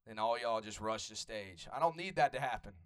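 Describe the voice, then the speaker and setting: Fairly quick and expressive, this young Atlanta man's fairly low, fairly bright voice carries a Southern Atlanta accent. He does loose, profane stand-up crowd work on a comedy club stage, riffing with the audience.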